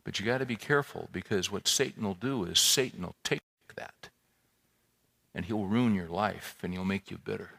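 A man's voice: low voice, moderate pace, vocal fry. A male pastor preaching a sermon in a church, speaking conversationally, asking the congregation questions and repeating himself as he builds a point. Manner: conversational, animated preaching with rhetorical questions and repetitions.

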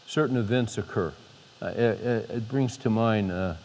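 A man with a lowish, darkish voice preaches an informal, unscripted sermon at a moderate pace from a podium in a large hall. He restarts often and builds to emphatic peaks, with long hall reverb on the recording.

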